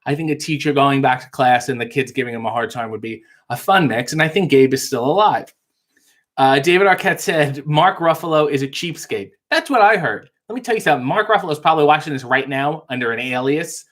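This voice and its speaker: Wry man with a higher voice. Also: fairly quick. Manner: wry, deadpan, mock-insulting jokes. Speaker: host reading live chat questions. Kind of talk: casual live-stream chat.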